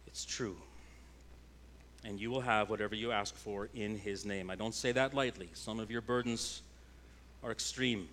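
A pastor preaching a sermon, a man whose delivery swings between loud, emphatic declarations and hushed, intense passages. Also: fairly low pitch, steady tone, normal speed, pauses often, slight background noise.

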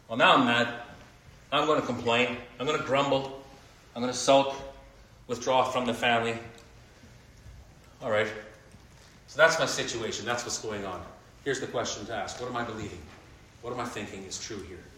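A man preaching a sermon, moving between quiet reflection and emphatic, rising points. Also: mid-range voice, normal speed, long pauses. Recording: echoey room with faint noise.

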